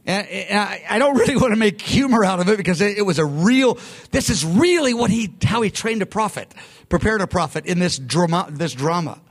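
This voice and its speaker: This man preaches a sermon in a high, creaky voice with lively intonation and a fairly quick pace. His teaching is conversational and emphatic, and he often breaks off mid-sentence to start again.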